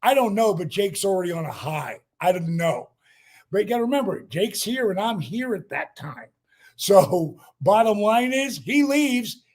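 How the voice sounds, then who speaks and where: A man in his sixties, a podcast guest telling a story in a lively, profane way with many fillers, acting out what people said. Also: high voice, normal speed. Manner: profane, acts out quotes, lots of fillers. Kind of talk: animated storytelling.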